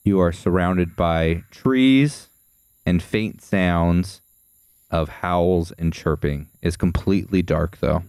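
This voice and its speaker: A man narrating scenes as game master of a tabletop role-playing game, in a measured, descriptive way. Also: deep voice, darkish tone, clear, resonant tone, no echo, clean studio sound.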